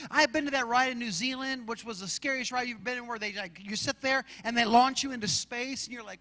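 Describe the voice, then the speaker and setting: A man from Arizona preaching a sermon as pastor, telling stories in an animated way and acting out shouts and roars. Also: very high-pitched, brisk, few pauses, big-room sound. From Arizona, USA.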